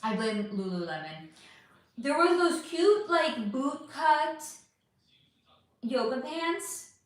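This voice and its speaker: A woman's voice: sits high, lively intonation, takes it slowly. A young woman hosting a casual livestream, reading out chat and answering with laughs and casual swearing. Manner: chatty, laughing, swearing freely. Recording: very echoey room.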